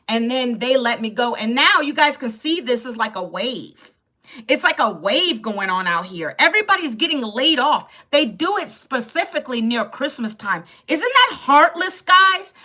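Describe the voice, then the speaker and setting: Her voice is high and sharp as this woman in her fifties hosts a laid-back live stream. She's chatty, speaks straight to viewers' incoming comments, and laughs a lot.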